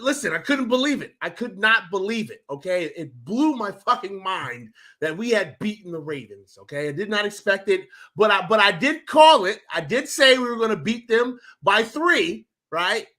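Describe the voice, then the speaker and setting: Guy hosting sports talk, real high bright voice, super hyped and loud, swears a lot. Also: animated, moderate pace, hardly any pauses. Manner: loud, hyped, profane, repeats himself. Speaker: podcast co-host. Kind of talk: casual sports chat.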